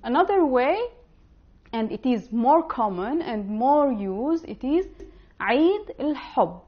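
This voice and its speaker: A woman teaching an online language lesson, spelling out words slowly and carefully. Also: sits high, lively intonation, dull audio. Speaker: Arabic teacher.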